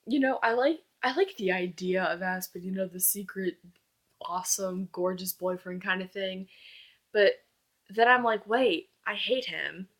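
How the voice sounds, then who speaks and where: A woman's voice: mid-range voice, moderate pace, a bit bright. A young woman reviewing a book in casual chat, gushing and rambling as she fangirls.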